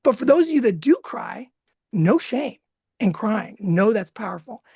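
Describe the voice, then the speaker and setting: A man in his thirties telling a candid personal story, emotional and expressive, laughing now and then. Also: high-pitched, unhurried, creaky, breathy edge, no room sound, studio quality. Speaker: guest speaker.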